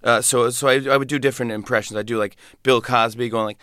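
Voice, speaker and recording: Smooth-voiced, animated male comedian. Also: medium pitch, quick pace, hardly any pauses, no room sound, studio quality. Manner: animated, stammering storyteller who breaks into voices. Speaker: guest comedian. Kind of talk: casual anecdote in an interview.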